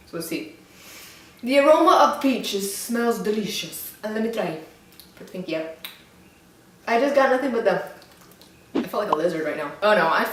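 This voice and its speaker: A woman's voice: a little high, fairly bright tone, far from the mic. Chatty young woman in an echoey room. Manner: chatty, rambling, self-mocking. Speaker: vlogger reviewing drinks. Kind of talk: casual chat. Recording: very echoey room, away from the mic.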